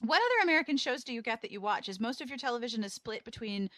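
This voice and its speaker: A woman's voice: a little high, lively intonation, rapid-fire, fairly bright tone, no room sound. A woman co-hosting a podcast, asking questions in a casual interview chat with a sarcastic, playful, teasing humor. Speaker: podcast co-host.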